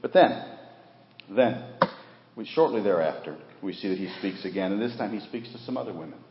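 A man preaching a sermon as pastor, dramatic, swinging from hushed passages to loud exclamations. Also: fairly low pitch, lively intonation, fairly quick, slight background noise. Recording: roomy, dull lo-fi church recording.

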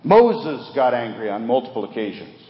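A man preaching a sermon with earnest emphasis, rising for key points and dropping low, in a church sanctuary. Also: sing-song, normal speed. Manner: earnest, rises for emphasis then drops low, repeats words. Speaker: pastor. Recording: dull roomy recording with long reverb.

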